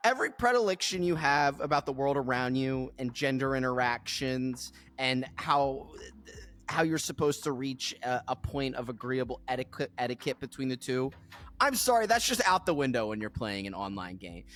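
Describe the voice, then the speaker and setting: A man's voice: mid-range voice, expressive, normal speed, fairly bright tone. A man co-hosting a podcast in casual chat, often laughing through his sentences with a sarcastic edge. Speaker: podcast co-host.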